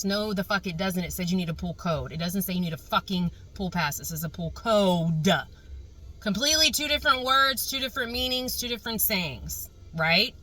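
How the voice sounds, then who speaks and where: A young woman vlogger telling a casual storytime rant, animated and exasperated, swearing freely. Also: medium pitch, moderate pace, low-quality recording.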